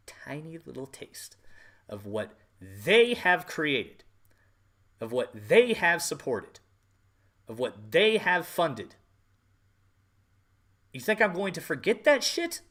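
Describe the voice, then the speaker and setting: A man's voice: mid-range voice, a bit bright. A man hosting a podcast, delivering an angry, profane political rant with emphatic repetition. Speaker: podcast host.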